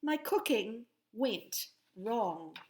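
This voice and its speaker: A woman voicing a clumsy, excitable little girl witch in a storybook, with squeaky exclaiming lines. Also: extremely slow, slight background noise, heavily acted. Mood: excited.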